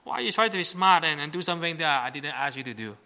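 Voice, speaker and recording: A man voicing an angry male boss scolding a new intern with rapid questions. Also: a little high, animated, creaky, bright, forceful tone, heavily acted.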